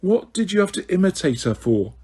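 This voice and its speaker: A man with a husky voice voicing a sulky, blunt teenage wizard boy who grumbles, in an audiobook reading. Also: high-pitched, very animated, fairly quick, dark tone, pitched above the performer's own voice, exaggerated voice. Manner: mocking, grumbling.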